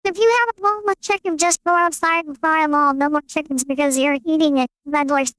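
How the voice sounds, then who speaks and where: A man putting on a silly, very high voice for a goofy rambling character, joking crudely. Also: steady tone, brisk, sharp tone, no room sound.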